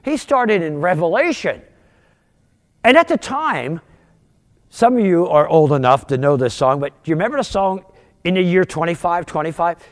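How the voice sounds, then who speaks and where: A man in his sixties from outside Philadelphia, telling his conversion story as a sermon testimony, with animated, storytelling delivery. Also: moderate pace, long pauses, long reverb tail. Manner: animated storytelling, wide pitch swings, rising for punchlines. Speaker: guest speaker giving testimony.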